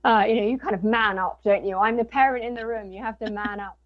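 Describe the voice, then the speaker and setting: A woman's voice: mid-range voice, fast talker, no room sound, lo-fi sound. Woman telling a story animatedly. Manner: animated retelling with quoted dialogue. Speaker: guest, author and mother. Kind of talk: casual storytelling.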